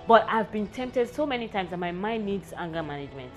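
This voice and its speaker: A woman's voice: medium pitch, animated, fairly quick, few pauses, soft background music. A young woman, hosting a candid personal vlog in a frank, wry, self-mocking way. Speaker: vlog host.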